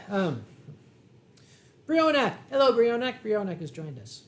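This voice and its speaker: A man with a Philadelphia accent hosting a casual livestream from home, reading viewer comments in a dry, wry way and often clearing his throat. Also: sits high, very animated, slow. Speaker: livestream host. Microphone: desk microphone.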